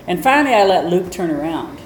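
A woman dog trainer teaching a class in a chatty, animated way, acting out little scenes as she explains. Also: fairly low pitch, brisk. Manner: animated, chatty, acts out quotes. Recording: roomy echo, faint noise.

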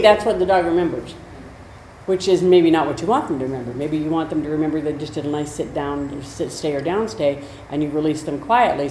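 A woman's voice: low-pitched, darkish tone. A woman explaining dog behavior in a chatty, conversational way, with storytelling asides. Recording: roomy echo, faint noise.

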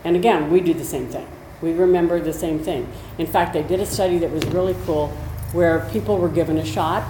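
A woman's voice: fairly low pitch, brisk. A woman explaining dog behavior in a chatty, conversational way, with storytelling asides. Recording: roomy echo, faint noise.

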